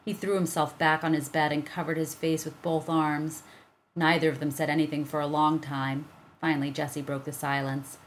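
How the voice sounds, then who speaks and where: A woman calmly reading a children's chapter book aloud as narrator. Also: low voice, normal speed, slight background noise. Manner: calm, even storytelling.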